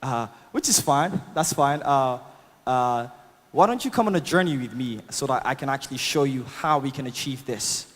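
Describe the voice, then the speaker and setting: A man's voice: mid-range voice, lively intonation, moderate pace. A man with an accent giving a chatty, upbeat tech talk at a conference, laughing at his own jokes and using lots of fillers. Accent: non-native English accent. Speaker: conference speaker. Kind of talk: live tech talk with demo. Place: large conference hall. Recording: long reverb of a conference hall.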